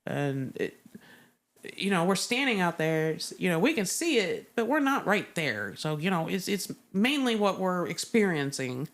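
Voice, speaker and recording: A woman's voice: fairly low pitch, sing-song, normal speed. Profane storytelling woman veteran. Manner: profane, vivid storytelling with acted-out quotes. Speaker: guest; Navy veteran. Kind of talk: casual interview chat.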